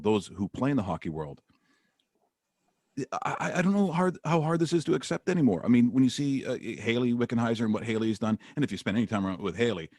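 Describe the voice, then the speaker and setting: A middle-aged man hosting a sports radio show, telling rambling stories in an animated way. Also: medium pitch, no room sound. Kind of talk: radio interview chat.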